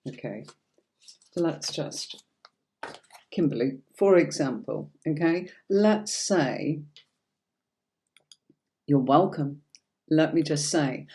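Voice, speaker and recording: A woman's voice: low-pitched, gravelly, warm tone. A woman from Yorkshire with a faint Yorkshire accent, teaching tarot on a livestream in a chatty, reassuring way and calling viewers darling. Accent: light Yorkshire English. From Yorkshire, England.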